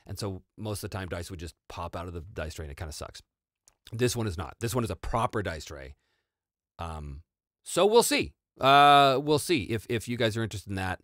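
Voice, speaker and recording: In studio-quality audio with no echo, a lowish-voiced host of a tabletop RPG channel chats casually through viewer questions. His delivery is animated and meandering, packed with fillers and false starts.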